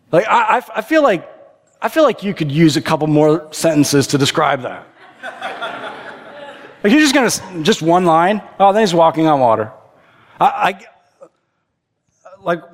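A man preaching a conversational sermon, animated and playful, acting out the people in the story. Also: on the high side. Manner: animated, conversational, acts out characters' lines. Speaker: pastor. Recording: long reverb of a big hall.

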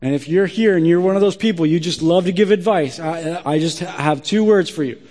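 A man's voice: fairly high pitch, fairly quick, a little mellow. A man preaching a sermon as pastor, blunt and emphatic in his direct way of talking. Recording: long hall reverb.

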